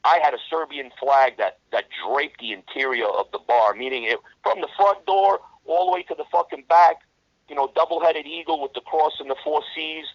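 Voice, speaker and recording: A middle-aged man, telling rough street stories in a casual interview, blunt and heavy on the swearing. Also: on the high side, moderate pace, no room sound. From New York. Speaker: interview guest. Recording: dull lo-fi dry recording.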